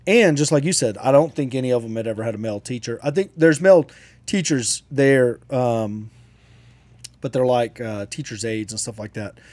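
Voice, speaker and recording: A man's voice: mid-range voice, moderate pace, darkish tone, dry recording. A man co-hosting a casual talk show, arguing his point with animation and casual swearing. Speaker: podcast co-host and father. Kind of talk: casual chat.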